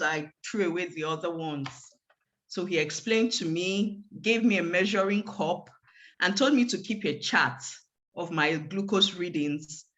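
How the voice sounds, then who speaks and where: A woman's voice: on the low side, fairly bright tone, dull audio. A woman giving a guest talk on a video call, telling a personal story vividly and acting out the dialogue. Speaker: guest speaker.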